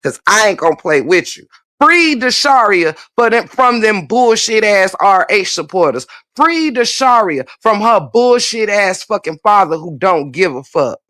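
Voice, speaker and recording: A woman's voice: mid-range voice, big pitch swings, unhurried, a bit bright, no room sound, studio quality. A woman hosting a livestream, ranting bluntly and profanely while answering viewer comments, repeating her points for emphasis. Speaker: livestream host.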